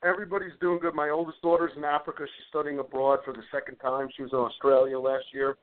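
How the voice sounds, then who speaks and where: A middle-aged man casually telling stories on a call, animated and repeating words as he goes. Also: fairly high pitch, fast, slight background noise. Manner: animated anecdote teller, repeats words as he talks. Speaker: guest wrestler. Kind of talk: casual storytelling on a phone call. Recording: tinny phone line.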